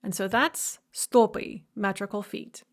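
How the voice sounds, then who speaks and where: A woman's voice: mid-range voice, fairly even intonation, measured pace. A woman giving a recorded lecture, explaining step by step with enthusiasm and humming rhythms to illustrate.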